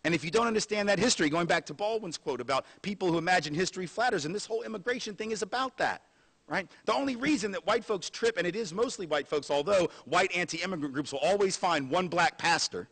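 A man lecturing at a university with an animated, sarcastic energy. He talks conversationally, in a fairly high voice. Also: quick pace, gravelly. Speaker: guest lecturer. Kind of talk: public lecture.

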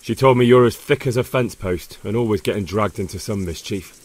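An actor playing an earnest young commoner in a medieval video game, polite and plain-spoken. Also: male voice, fairly low pitch, brisk, a little mellow, no room sound, natural voice.

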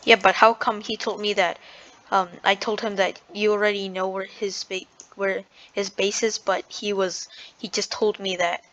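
A woman chats her way through a block-building game, thinking aloud and interrupting herself. Her voice sits at an everyday middle pitch. Her words are peppered with "like". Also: little pitch movement, normal speed, fairly bright tone, lo-fi sound. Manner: chatty, hedging with "like", self-interrupting. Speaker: gamer and video creator. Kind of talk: casual gameplay commentary.

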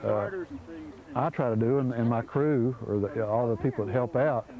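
A man's voice: medium pitch, normal speed, phone-quality sound, a crowd in the background. Earnest man explaining outdoors. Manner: earnest, with restarts. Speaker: program organizer. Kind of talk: documentary interview.

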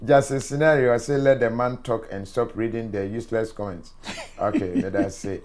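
A man's voice: mid-range voice, fairly even intonation, fairly quick, darkish tone, slight background noise. A man with a Ghanaian accent hosting a live show, reading out viewer comments and mixing in Twi asides. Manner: reads comments aloud, mixes in Twi, chuckles. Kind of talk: casual live-stream chat.

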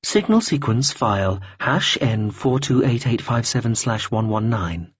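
A man narrating an audiobook in a measured, even reading, in a dull lo-fi recording. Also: medium pitch, husky, no echo.

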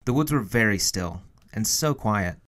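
A man's voice: lowish voice, expressive, a little slow, a bit bright. A man reading a children's picture book aloud for a museum storytime, telling it expressively. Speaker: storytime reader.

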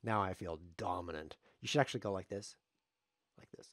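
A man's voice: deep voice, a little fast, a bit bright, dry recording, clean studio sound. A man streaming live chess, commenting on his games in a sarcastic, joking way as he plays. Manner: sarcastic, joking, talks to himself while playing.

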